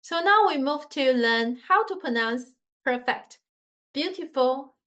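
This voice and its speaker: A woman's voice: high voice, lively intonation, unhurried, sharp tone, lo-fi sound. A woman teaching a Mandarin lesson in simple non-native English, patiently demonstrating tones with sung scales. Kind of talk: online language lesson.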